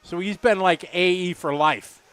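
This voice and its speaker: A man's voice: high voice, normal speed, a bit bright, clear, resonant tone. Chatty middle-aged male race commentator. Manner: chatty and rambling, joking with viewers.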